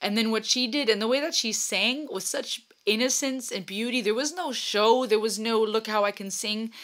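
A woman's voice: fairly high pitch, normal speed, fairly bright tone. A young woman hosting a music reaction, talking casually and emotionally, often lost for words and restarting her sentences. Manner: emotional, effusive, stumbling over words.

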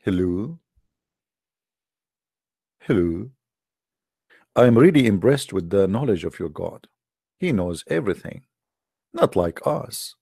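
A man's voice: on the low side, very animated, normal speed, gravelly, warm tone, husky, dry recording, studio quality. A man in a live-streamed religious debate talk, mocking his opponents with sarcastic rhetorical questions in broken English. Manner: non-native broken English grammar.

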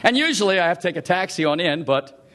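Middle-aged male preacher, high voice, swoops a lot, lively storyteller. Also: quick pace. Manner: animated anecdotes with acted quotes. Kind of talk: storytelling sermon.

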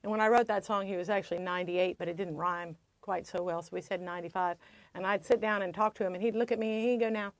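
A woman's voice: lowish voice, fairly even intonation, fast, dry recording. A woman from Virginia, a singer-songwriter hosting her show, who tells stories between songs in a chatty, rambling way and laughs easily. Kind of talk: casual storytelling between songs. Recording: ukulele playing behind the voice.

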